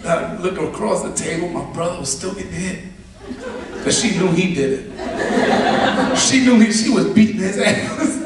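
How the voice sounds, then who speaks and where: A man performing a stand-up comedy set, telling animated, profane stories and acting out voices before a live audience. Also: sits high, normal speed, long pauses, crowd noise. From Latino family. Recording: echoey live room, mic far off. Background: audience laughter.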